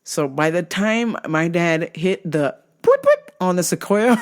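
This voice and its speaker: Host, woman; animated profane comedic storyteller with lively pitch. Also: unhurried. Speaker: podcast host.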